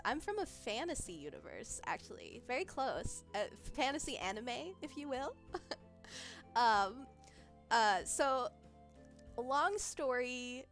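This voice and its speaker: A woman's voice: fairly high pitch, a bit bright. A woman streaming as a vtuber, chatting casually, giggling often and losing her train of thought as she reacts to chat. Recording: faint background music.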